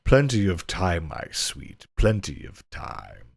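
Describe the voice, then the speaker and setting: A man playing a lecherous older nobleman, drawling slow and suggestive in a comic reading. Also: sits low, wildly swooping pitch, gravelly, husky, full character voice. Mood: leering. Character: lecherous old male nobleman, smug.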